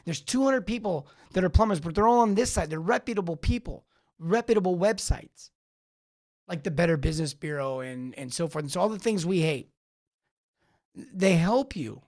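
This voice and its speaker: A middle-aged man hosting a live show, coaching plumbing business owners in a rambling, animated way. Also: sits high, moderate pace. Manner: animated, rambling, talks back to live chat. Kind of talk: live-streamed coaching talk.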